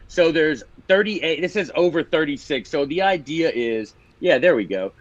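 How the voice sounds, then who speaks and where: A man's voice: medium pitch, no echo, muffled recording. Memphis man explaining like a teacher. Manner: explaining and teaching, with laughs and restarts. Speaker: author and guest. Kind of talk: casual interview chat.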